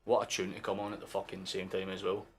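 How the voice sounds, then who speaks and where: A young man commentating a football match live for his stream as a fan, sweary and excitable, erupting into shouts. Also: sits low, fast, husky, soft background music.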